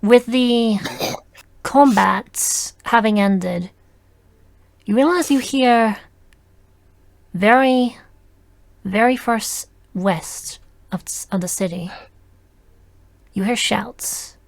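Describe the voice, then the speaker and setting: A woman narrating a tabletop game as game master, halting and restarting as she describes the scene. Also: on the high side, gravelly, no room sound.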